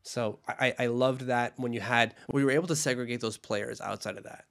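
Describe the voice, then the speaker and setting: A man's voice: medium pitch, fairly even intonation, fairly quick, creaky, a bit bright. A young man co-hosting a casual hockey podcast, chatty and enthusiastic, often repeating himself. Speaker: podcast co-host. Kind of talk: casual chat.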